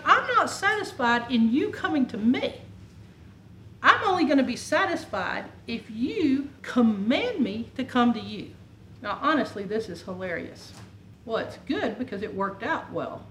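A woman preacher giving a sermon in a conversational, animated way, full of rhetorical questions. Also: high-pitched. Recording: echoey room with faint ambient noise.

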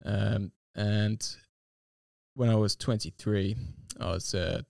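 Gravelly low-voiced man sharing his testimony. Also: fairly even intonation, mellow, dry recording, studio quality. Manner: reflective, unhurried, with frequent fillers. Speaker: interview guest. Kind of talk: personal testimony in conversation.

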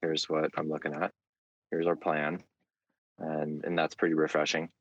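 A man with an extremely deep voice talks as a guest in a casual interview. He is frank and relaxed and hesitates often as he thinks aloud. The sound is dry and close. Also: moderate pace, dry recording, muffled recording. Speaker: interview guest, market commentator.

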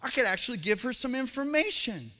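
A man preaching a sermon as pastor, talking conversationally and telling jokey family stories before dropping into soft, earnest appeals. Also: very high voice, sing-song, a little fast. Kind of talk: sermon with humorous family anecdotes. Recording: long hall reverb.

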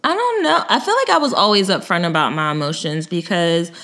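A woman's voice: lowish voice, animated, brisk, sharp tone. A woman co-hosting a podcast in casual chat, chatty as she recaps an episode. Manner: chatty, recaps a show and acts out quotes. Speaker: podcast co-host.

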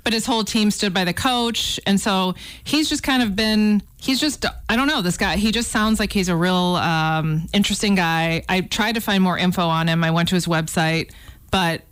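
A woman's voice: mid-range voice, moderate pace, a bit bright, clear, resonant tone, no room sound. A woman who is a regular on a radio show, chatting casually in a playful, self-deprecating way.

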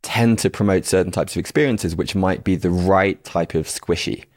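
A man's voice: deep voice, normal speed, darkish tone, no echo, clean studio sound. A man hosting an interview, thinking aloud hesitantly with restarts and fillers. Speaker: podcast host. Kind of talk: casual interview chat.

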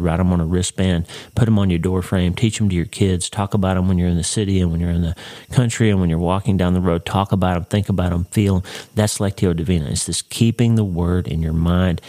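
Low, mellow-voiced man teaching scripture. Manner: conversational, earnest, asks the listener direct questions. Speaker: podcast host and Bible teacher. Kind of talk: devotional teaching.

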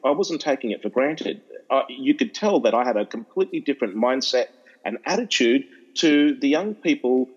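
A middle-aged Australian man, an educational speaker, telling stories in an interview, animated and restarting often. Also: medium pitch, muffled recording. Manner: animated, repeats and restarts, acts out voices in anecdotes. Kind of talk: storytelling interview chat.

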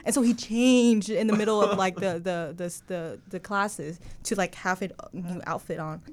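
A woman's voice: medium pitch, fairly even intonation, normal speed. A young woman on a casual podcast, telling family stories with plenty of fillers. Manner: chatty storyteller, many fillers. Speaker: podcast co-host. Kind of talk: casual chat.

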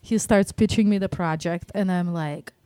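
Female producer, Russian-Detroit accent, lively anecdotal podcast guest, dry sound. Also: medium pitch, normal speed, no room sound. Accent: Russian with Detroit blend. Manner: animated, laughs often, acts out quotes. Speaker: film producer. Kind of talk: podcast interview storytelling.

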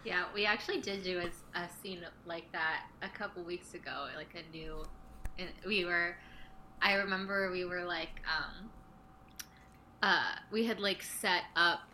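A woman's voice: on the low side, steady tone, unhurried, pushed and bright, slight background noise. A woman guest on a podcast, giggly and rambling as she tells stories about improv. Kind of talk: casual chat.

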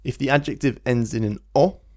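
A man, teaching a Spanish lesson in a relaxed podcast style, explaining patiently and slowing down to model phrases. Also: mid-range voice. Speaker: language teacher.

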